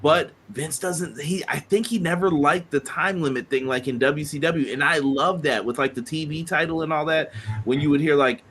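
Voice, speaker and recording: A man in his thirties co-hosting a casual wrestling podcast, telling animated stories and acting out quotes. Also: fairly high pitch, moderate pace, few pauses, slight background noise. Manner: animated storyteller, acts out quotes. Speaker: podcast co-host.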